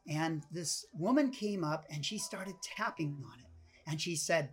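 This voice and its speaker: A woman's voice: deep voice, a little slow, heavy background noise. A woman guest telling a story in a casual interview, acting out the voices of people in it. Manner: animated, acts out quoted voices.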